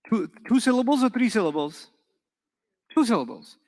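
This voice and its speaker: A man's voice: extremely high pitch, expressive, normal speed, pauses often, a little mellow. A man teaching an Arabic class in a conversational, encouraging way, often asking his students questions. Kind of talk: classroom lecture. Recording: long hall reverb.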